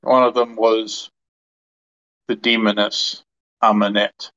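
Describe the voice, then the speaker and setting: A man voicing an ancient male Egyptian god bound in a mask, speaking in a grave, measured way. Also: on the low side, little pitch movement, bright, forceful tone, muffled recording. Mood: solemn.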